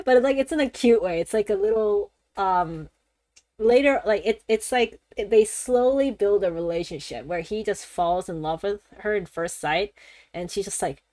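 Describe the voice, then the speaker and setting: A woman streamer talks in a loose, rambling way with plenty of laughs and casual swearing. Her voice sits at a middle pitch and is recorded close and dry, with no room sound. She jumps between thoughts as she chats. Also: moderate pace, dark tone, dry recording. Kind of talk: casual gaming-stream chat.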